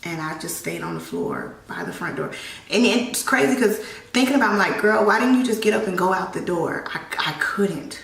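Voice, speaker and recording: A young woman speaks in a personal vlog, her voice gravelly and fry-laden. She talks haltingly and emotionally, stumbling and restarting as she holds back tears. The sound is roomy and a little distant from the mic. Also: mid-range voice, sing-song, fairly bright tone. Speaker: vlogger. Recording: echoey room, voice a bit off-mic.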